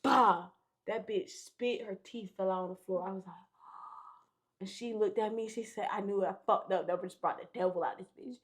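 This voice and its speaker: A young woman guesting on a podcast, retelling a story in a casual, slangy way with a lot of swearing and loud, shouted bursts. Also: medium pitch, normal speed, slightly rough.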